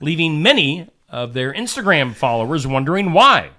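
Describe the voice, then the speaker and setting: Animated bright-voiced male news host. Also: fairly high pitch, moderate pace. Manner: jokey, puts on silly voices while reading. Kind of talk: casual news banter.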